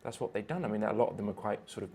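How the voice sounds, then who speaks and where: A man talks casually as a podcast guest, measured and thoughtful. His voice sits low, with a husky edge and lots of gravelly fry. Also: mellow. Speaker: musician guest. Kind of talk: casual conversation.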